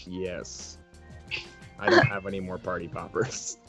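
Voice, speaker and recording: A man's voice: deep voice, unhurried, creaky, fairly bright tone. A man narrating as game master of a tabletop game, teasing the players and laughing often. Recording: muffled lo-fi audio with faint music.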